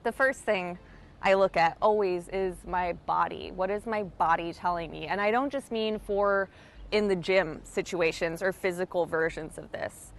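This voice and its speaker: Chatty, playful woman hosting a self-help vlog. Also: medium pitch. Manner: chatty and playful, with swearing and light laughter; slows into a calm guiding cadence. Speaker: self-help video host. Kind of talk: casual direct-to-camera talk with guided mindfulness.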